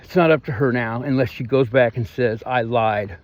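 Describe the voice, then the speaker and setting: A man's voice: mid-range voice, a little fast, a little hiss or hum. A man with a Missouri twang venting in a rambling, aggrieved vlog monologue. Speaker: vlogger.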